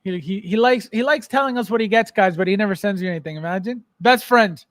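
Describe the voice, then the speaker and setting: A man's voice: sits high, fast talker, no echo. A man hosting a casual collectibles livestream, joking and teasing viewers by name. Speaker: podcast host.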